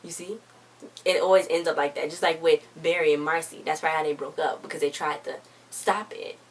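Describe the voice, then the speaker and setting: Fast-talking low-voiced woman recapping an episode. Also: steady tone, distant mic. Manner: rambling retelling with "so then she's like". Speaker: TV episode reviewer. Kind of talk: casual recap review.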